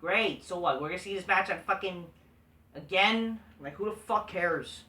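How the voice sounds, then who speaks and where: Man, bright tense voice, swearing and dismissive, echoey room, off-mic. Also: high-pitched, normal speed, recorded from a distance. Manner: blunt, profane and dismissive. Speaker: host. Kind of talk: casual wrestling recap.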